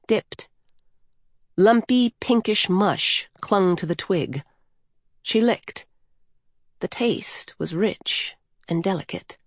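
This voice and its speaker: A woman narrating a story in an unhurried, measured way. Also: medium pitch, no echo, clean studio sound.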